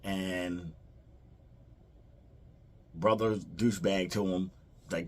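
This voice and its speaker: A male film reviewer, his voice sitting low and his pace measured, rambles through a casual plot summary, quoting the characters amid fillers and restarts.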